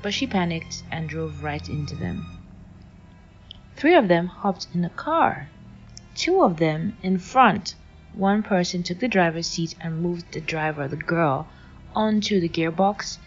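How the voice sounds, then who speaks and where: A young woman from Nigeria telling a personal story in a wry, animated way. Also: on the low side, measured pace. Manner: wry, animated retelling with acted quotes. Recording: lo-fi with faint music.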